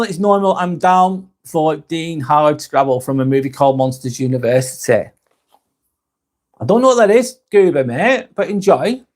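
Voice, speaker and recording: A man's voice: on the high side, a little mellow. A man hosting a live stream, reading chat comments aloud, swearing heavily, then apologizing.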